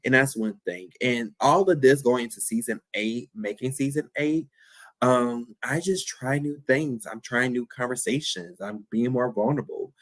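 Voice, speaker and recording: A man's voice: medium pitch, normal speed, a bit bright, no room sound. A young man hosting his own podcast, talking candidly and playfully in a reflective, affirming solo talk. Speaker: podcast host.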